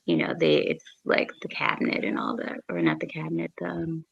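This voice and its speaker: A woman with a low, gravelly voice chats casually on a podcast panel. She is easygoing and thinks out loud as she talks. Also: wildly swooping pitch, fairly quick, muffled recording. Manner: chatty, easygoing, thinks aloud. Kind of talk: casual chat.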